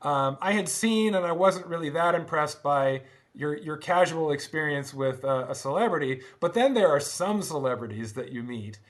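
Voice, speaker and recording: A middle-aged man speaking as an interview guest, telling stories in a casual, animated way, laughing often and restarting his sentences. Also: a little high, normal speed, few pauses. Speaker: guest, former band drummer. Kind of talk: casual conversational storytelling.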